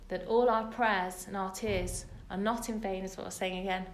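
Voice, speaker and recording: A British woman leads a women's Torah class, telling the story in an earnest, emphatic way. Her voice sits at a middle pitch. The room around her is echoey. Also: fairly even intonation, normal speed, a little hiss or hum. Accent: British English. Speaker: religious teacher. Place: room with a live group of women.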